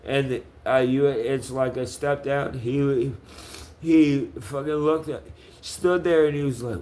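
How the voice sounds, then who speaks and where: A man talking slowly and deliberately in a heated personal monologue. His speech is profane and confrontational, full of halting restarts as he calls someone out. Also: medium pitch, steady tone, a little mellow, a little hiss or hum.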